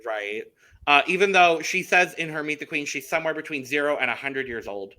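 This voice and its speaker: A man's voice: on the high side, animated, a little fast, sharp tone. A man co-hosting a casual podcast chat, enthusiastically running through contestant details. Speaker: podcast co-host.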